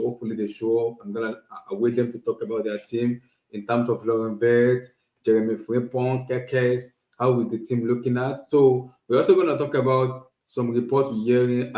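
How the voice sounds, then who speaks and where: A man hosting a casual solo football talk stream, animated and repetitive, often restarting phrases. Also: medium pitch, roomy sound, rough recording. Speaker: podcast host. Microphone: streaming setup.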